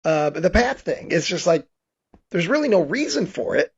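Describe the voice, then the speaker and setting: A man's voice: sits high, big pitch swings, normal speed, breathy edge, lo-fi sound. A man hosting a podcast, casually recapping a horror comedy in a rambling way, restarting his sentences and laughing. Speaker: podcast host. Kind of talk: casual movie recap chat.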